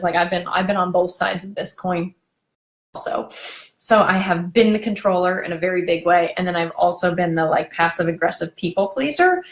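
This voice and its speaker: A woman relationship coach giving a chatty, animated live video training, laughing often and drifting into tangents. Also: fairly low pitch. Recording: echoey room.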